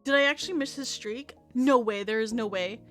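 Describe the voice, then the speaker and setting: A woman's voice: fairly high pitch, a little fast, over music. A woman, a streamer telling stories in a rambling, profane, laugh-filled way. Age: 30s. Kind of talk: casual storytelling chat.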